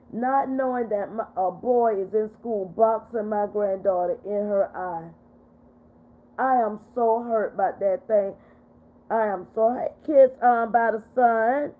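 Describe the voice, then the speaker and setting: A woman's voice: a little high, measured pace. An older woman, upset and tearful, talking on her livestream and reading out viewer comments. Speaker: livestream host. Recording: tinny phone-quality audio.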